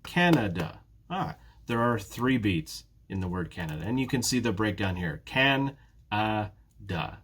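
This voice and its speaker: A male English teacher giving a prerecorded beginner lesson, speaking slowly and carefully and repeating words for his students. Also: on the low side, big pitch swings, slightly rough. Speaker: ESL teacher.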